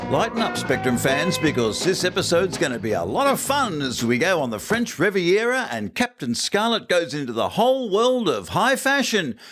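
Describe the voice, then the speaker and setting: Aussie bloke doing a funny show review, wry little asides, voice bounces all over. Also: male voice, a little high, sing-song, moderate pace, few pauses, fairly bright tone, breathy edge, faint music behind. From Australia. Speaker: listener contributor. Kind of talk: comedic episode review.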